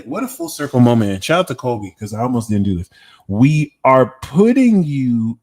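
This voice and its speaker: A young man doing a live-stream tarot reading, talking casually with lots of swearing and slang while answering his chat. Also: a little high. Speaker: tarot reader.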